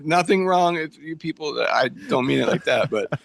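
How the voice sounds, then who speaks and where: A man in his thirties co-hosting a casual podcast, full of teasing jokes and quick asides. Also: on the high side, expressive, vocal fry, fairly bright tone, no echo. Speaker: podcast co-host. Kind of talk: casual chat.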